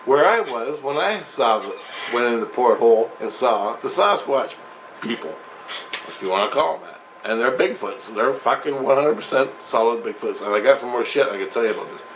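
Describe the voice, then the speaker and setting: A man's voice: medium pitch, animated, moderate pace, a little hiss or hum, rough recording. A man telling a personal story in a rambling, profane, emphatic monologue.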